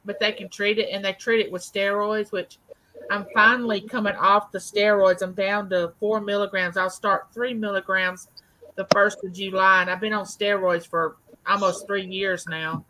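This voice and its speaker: Bright-voiced, matter-of-fact woman. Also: mid-range voice, flat delivery, normal speed, a little hiss or hum, poor audio. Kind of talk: casual livestream chat.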